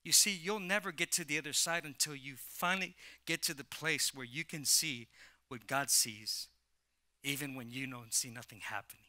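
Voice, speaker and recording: A man preaching a sermon as pastor, conversational at first and rising to loud, emphatic preaching. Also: medium pitch, normal speed, no room sound, clean studio sound. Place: church.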